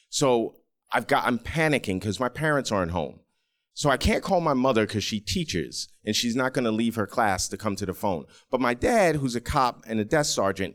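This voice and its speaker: A man telling a personal story in the first person, acting out the people he quotes. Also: mid-range voice. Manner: animated, acts out quoted voices.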